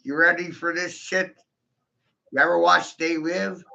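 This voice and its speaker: Gravelly, profane man ranting hard. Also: fairly high pitch, fairly even intonation, unhurried. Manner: profane, aggressive, repetitive, shouting bursts. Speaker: monologuing video host. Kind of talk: ranting monologue to camera. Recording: dull lo-fi recording.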